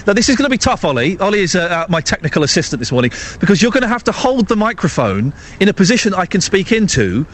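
A man hosting a live outdoor radio segment, excitable and jokey. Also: sits high, fast, few pauses, a little hiss or hum. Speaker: radio host. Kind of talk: live outside broadcast chat.

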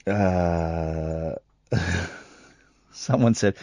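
A man's voice: a little high, big pitch swings, moderate pace, no room sound. A man hosting a late-night radio phone-in, teasing his callers with sardonic, dry remarks.

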